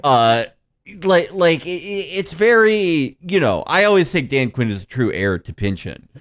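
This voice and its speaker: A man's voice: on the high side, sing-song, unhurried, a bit bright. A man co-hosting a podcast, rambling enthusiastically through comparisons. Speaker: podcast co-host. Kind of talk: casual comedic film review.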